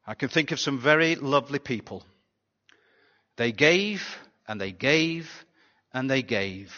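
A pastor giving a sermon in a chatty, conversational way, often asking the congregation rhetorical questions. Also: male voice, medium pitch, expressive, unhurried, bright, forceful tone. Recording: dull sound with long hall reverb.

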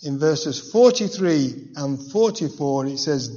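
A man's voice: on the high side, unhurried, a little mellow. A man preaching a verse-by-verse Bible teaching in a conversational way, with personal asides and rhetorical questions. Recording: dull, reverberant hall sound.

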